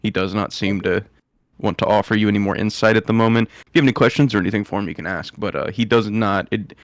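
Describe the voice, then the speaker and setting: Low-voiced game master, dry sound. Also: male voice, fast talker, dry recording. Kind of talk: narrating a tabletop game. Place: online voice call.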